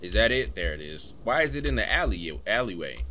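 Guy streaming a scary game, lowish voice, cussing at the game, bit of keyboard tapping behind. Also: sing-song, a little fast, sharp tone, slight background noise. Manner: talks to the game, swears and jokes through scares. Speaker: gaming streamer. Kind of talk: casual horror game commentary.

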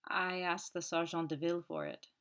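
A woman's voice: lowish voice, steady tone, normal speed, a bit bright, smooth, natural voice. A woman doing a meek, apologetic army captain. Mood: sheepish. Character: flustered, apologetic English male captain.

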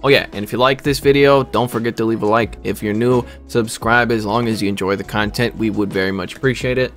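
A man's voice: fairly low pitch, steady tone, fast talker, faint music behind. A man co-hosting a casual gaming chat, joking around and talking over his partner on a headset mic. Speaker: co-host gamer.

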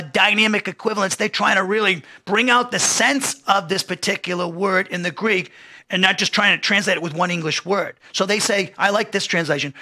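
A man's voice: sits high, bright, forceful tone. A middle-aged man teaching an expository Bible lesson in a conversational way, often restarting phrases and reading quotes aloud.

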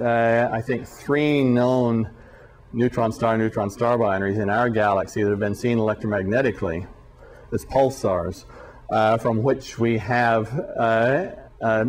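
A man giving a university physics lecture, speaking deliberately and haltingly, often repeating words, with dry sarcastic asides. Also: lowish voice.

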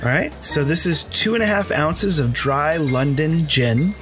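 A man's voice: a little high, a little slow, a bit bright, soft background music. An American man hosting a casual podcast chat, rambling with lots of fillers and easy laughs. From United States. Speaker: podcast host.

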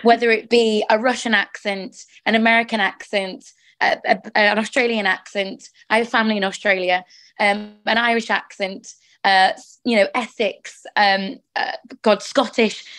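Chatty, enthusiastic actress in interview. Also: female voice, mid-range voice, fairly even intonation, measured pace, fairly bright tone, no room sound. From England. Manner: enthusiastic, chatty, frequent restarts. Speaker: musical theatre actress, interview guest. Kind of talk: casual interview chat.

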